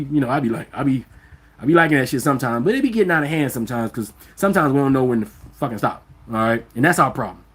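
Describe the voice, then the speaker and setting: An African American man holds forth on a live stream in a high, lively voice that swoops up and down. He talks emphatically and bluntly, heavy on profanity. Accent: African American English. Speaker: vlog host.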